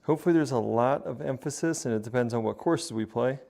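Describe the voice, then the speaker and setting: A man's voice: medium pitch, fast talker, creaky, dark tone. A man streaming from his home golf simulator, casually talking viewers through his practice swings and repeating his points. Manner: coaching, talks to viewers as a group, repeats himself. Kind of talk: casual commentary while hitting practice shots.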